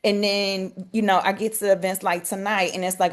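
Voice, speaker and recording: A woman's voice: medium pitch, little pitch movement, normal speed. A woman in a coaching group, candidly sharing a hard year in a searching way, with many fillers. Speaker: community member sharing her year. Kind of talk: personal sharing in a group call.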